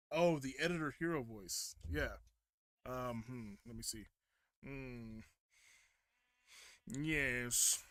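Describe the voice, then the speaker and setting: A man's voice: mid-range voice, dry recording. A young man casually commenting while he plays a game, rambling and often correcting himself mid-sentence. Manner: rambling, hesitant, self-correcting. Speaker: streamer.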